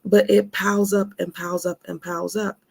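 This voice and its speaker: A woman's voice: mid-range voice, flat delivery, brisk, gravelly, a little mellow, slightly rough. A woman giving an emphatic self-care talk, calling her listeners honey. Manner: emphatic, laughing asides, calls listeners honey. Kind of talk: motivational talk.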